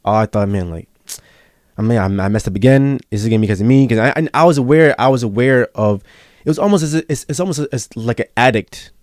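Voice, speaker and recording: A man's voice: mid-range voice, fast, darkish tone, no echo, studio quality. A young man as a podcast guest, telling a personal story in casual, earnest talk, repeating himself and saying bro and yo. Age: young adult.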